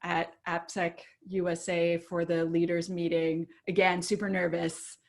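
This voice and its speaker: A woman guest on a podcast telling a story casually, laughing often and acting out what others said in a lively way. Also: lowish voice, unhurried, vocal fry.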